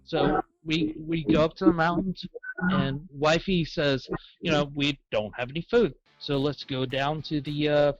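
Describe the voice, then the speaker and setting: A man's voice: on the high side, steady tone, measured pace, dull audio, faint music behind. A man with a Southern American accent, telling rambling comic stories in casual chat and acting out the voices of other people.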